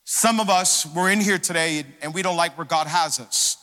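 A man preaching a sermon as a pastor, animated, with a sing-song cadence and call-and-response to the congregation. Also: on the high side, moderate pace. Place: church sanctuary. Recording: reverberant hall.

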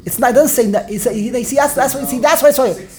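A woman's voice: high-pitched, racing, faint music behind. A woman teaching a study class, telling a story with many restarts and repetitions and laughing along the way. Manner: animated, repeats herself, laughs while telling. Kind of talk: storytelling lesson to a group.

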